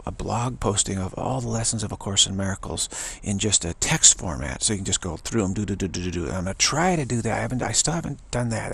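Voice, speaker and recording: A man with a low, gravelly voice talks in a casual spiritual monologue. He is earnest and rambling and often restarts his sentences, and his tone is rough and a little husky throughout. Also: fairly bright tone. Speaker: spiritual video blogger.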